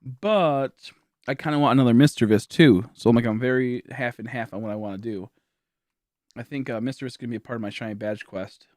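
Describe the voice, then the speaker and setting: A tired young game streamer chats casually with viewers from home, rambling and thinking aloud about what to do next while leaning on filler words. His pitch is middling and he talks a little fast. The close, dry recording has no room sound.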